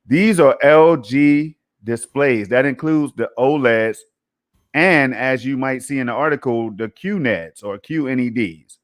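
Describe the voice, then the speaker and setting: A man with a mid-range voice co-hosts a casual gaming podcast, speaking unhurriedly. He's emphatic and conversational, often tossing in "man" and "you know."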